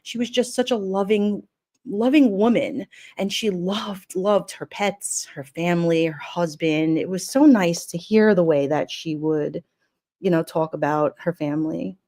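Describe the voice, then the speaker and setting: A woman with a slightly low voice talks casually on a livestream. Her words ramble and loop back, full of feeling and on the edge of tears. She stops now and then to read chat comments aloud. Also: a little slow, a little mellow. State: emotional. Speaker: livestream host. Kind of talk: casual livestream memorial talk.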